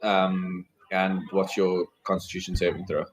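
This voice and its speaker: Low-voiced man running a tabletop game. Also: a little slow, low-quality recording. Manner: relaxed, describes combat with fillers. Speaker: game master.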